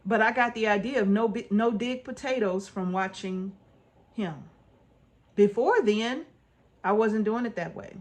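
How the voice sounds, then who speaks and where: In an unhurried, mid-range voice, a woman homestead vlogger shares earnest advice with her audience. Her speech is casual and folksy; she repeats herself for emphasis and tosses in "right?" to check in.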